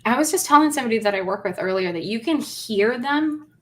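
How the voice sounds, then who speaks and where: Woman, Boston accent, loud and profane, casual podcast storyteller. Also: fairly high pitch, expressive, quick pace. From Boston area.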